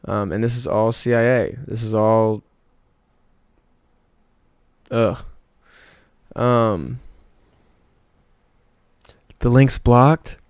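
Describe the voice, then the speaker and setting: A man's voice: mid-range voice, steady tone, very slow, long pauses, clean tone, no echo, clean studio sound. A man in his twenties from South Georgia, hosting a casual livestream and chatting with viewers in a rambling way, with lots of fillers. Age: 20s. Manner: rambling, many fillers and restarts. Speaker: livestream host. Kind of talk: casual livestream chat, reading chat.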